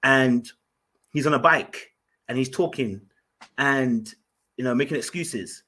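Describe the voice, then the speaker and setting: Husky-voiced man, emphatic storyteller. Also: mid-range voice, takes it slowly, sharp tone. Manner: emphatic, restarts and repeats words. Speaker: podcast host. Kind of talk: casual podcast storytelling.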